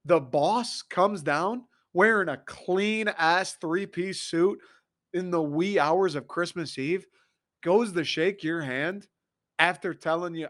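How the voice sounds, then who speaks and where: An American man hosts a podcast solo, talking in an excitable, swearing, animated rant. His voice sits somewhat high for a man, and his energy jumps around as he gets worked up. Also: slow. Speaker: podcast host.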